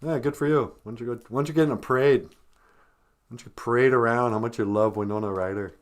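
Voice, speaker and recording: A man's voice: medium pitch, fairly even intonation, fast. A man hosting a comic live-stream podcast, teaching language phrases in a joking, self-mocking way. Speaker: podcast host teaching Ojibwe.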